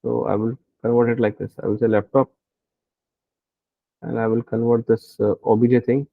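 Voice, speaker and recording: A man's voice: mid-range voice, little pitch movement, normal speed, gravelly, no room sound, narrow, tinny audio. A man teaching programming as he codes live, thinking aloud and often checking in with "right?". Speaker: programming instructor. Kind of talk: live coding tutorial.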